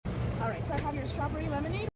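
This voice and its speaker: A woman working as a cafe cashier, reading out an order in a brisk, upbeat way. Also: high voice, lively intonation, dull audio. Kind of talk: customer service talk. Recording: phone audio with loud cafe noise.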